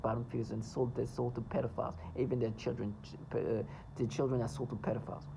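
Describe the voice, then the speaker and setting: A man speaks in an agitated, insistent rush, circling back on his points. His voice sits in a middle register with a gravelly, fry-laced texture. A faint background hum runs under the talk. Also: mid-range voice, level tone, fast. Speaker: vlogger. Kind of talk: emphatic monologue to camera.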